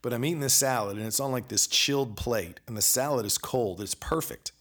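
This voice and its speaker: A man hosting a podcast, telling a personal story in a casual, animated way and acting out both sides of the exchanges. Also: medium pitch, brisk. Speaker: podcast host.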